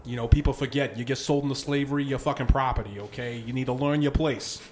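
A man's voice: medium pitch, steady tone, fast talker, darkish tone, a little hiss or hum. A man playing a tabletop game in character, brash and swaggering, cursing freely as he talks. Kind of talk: in-character role-play.

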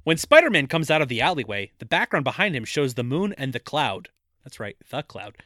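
A man's voice: mid-range voice, big pitch swings, a little fast, a bit bright, no echo, studio quality. A man co-hosting a podcast in casual chat, playful as he reads trivia aloud. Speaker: podcast co-host.

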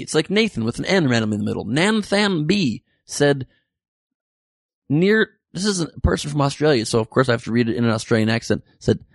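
Man, podcast host, comedic news show, gravelly voice, dry close sound. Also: mid-range voice, brisk, no room sound. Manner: jokey, irreverent, animated asides.

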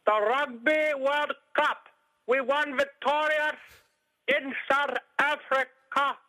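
A radio host putting on the voice of an elderly male statesman on a phone call, answering in slow, halting, confused bits. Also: very high voice, steady tone, sharp tone, pitched above the performer's own voice, full character voice. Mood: muddled. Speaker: radio host doing an impression.

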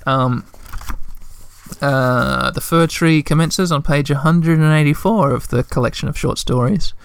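A man reading a children's story aloud, with relaxed, chatty asides in between. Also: on the high side, a little slow, vocal fry, clean tone, no echo. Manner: relaxed, chatty, self-deprecating.

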